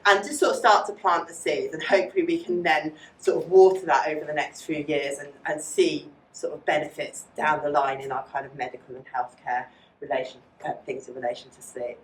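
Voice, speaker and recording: A woman lecturer, giving a fast, chatty academic talk with many fillers and taking audience questions. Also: low voice, steady tone, a little hiss or hum. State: out of breath. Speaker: psychology lecturer. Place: lecture hall. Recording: echoey room, distant mic.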